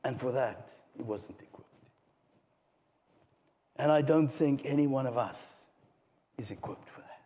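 A man preaching a sermon, swinging from hushed low asides to raised, impassioned passages. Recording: dull sound with long hall reverb.

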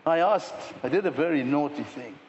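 A male pastor preaching a sermon, animated, at times mimicking sports fans shouting at players. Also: on the high side, normal speed, slight background noise. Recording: dull sound with long hall reverb.

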